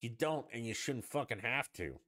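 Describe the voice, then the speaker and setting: A man's voice: mid-range voice, expressive, normal speed, pushed and bright. A man hosting a solo podcast, ranting in a profane, sarcastic and rambling way. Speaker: podcast host.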